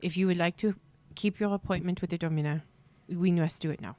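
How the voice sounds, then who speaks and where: A woman's voice: fairly low pitch, steady tone, a little fast, warm tone, no room sound, natural voice. Woman voicing a stern, formal gate guard. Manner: clipped, formal.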